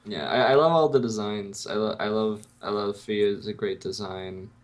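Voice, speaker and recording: A young man co-hosting a casual podcast, relaxed and quick to joke. His voice sits a little low. He trades lines easily and laughs often. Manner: laid-back, joking, laughs often. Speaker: podcast co-host. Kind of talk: casual chat.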